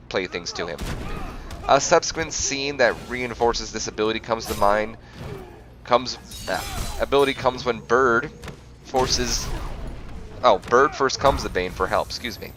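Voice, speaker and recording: A man hosting a game playthrough, reading facts aloud and often stumbling and correcting himself. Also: on the low side. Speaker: gaming channel host.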